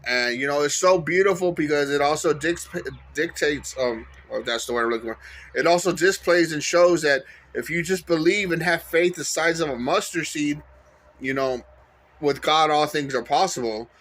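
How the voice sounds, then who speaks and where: A man's voice: on the high side, normal speed, fairly bright tone. A man giving a casual, earnest faith testimony to his viewers. He talks in an encouraging way, with fillers and self-corrections. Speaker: faith vlogger.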